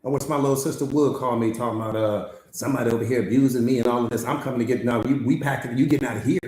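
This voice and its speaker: Fast-talking emphatic male coach, echoey room. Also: medium pitch, fairly even intonation, darkish tone. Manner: emphatic, repetitive, rhetorical questions, slangy. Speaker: mindset coach. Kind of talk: live-streamed motivational master class.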